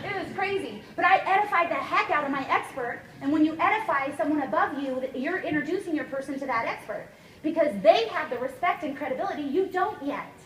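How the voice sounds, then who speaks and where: A network marketing trainer gives a motivational sales seminar in a high, fairly quick voice, energetic and emphatic, constantly checking in with "okay?" and "guys." She sounds far off in an echoey room with faint ambience.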